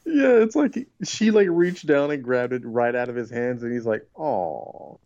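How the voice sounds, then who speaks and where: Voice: mid-range voice, moderate pace, a little mellow, no echo, lo-fi sound. A young podcast co-host chatting casually about a cartoon, joking with crude asides. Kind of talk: casual chat recapping a cartoon.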